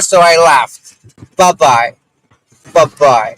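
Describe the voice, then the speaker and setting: Slow-talking man streaming from car. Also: on the high side, a bit bright, a little hiss or hum, low-quality recording. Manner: rambling, talks straight to viewers, grumbles at other drivers. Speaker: livestream host. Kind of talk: casual live-stream chat while driving. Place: inside a car.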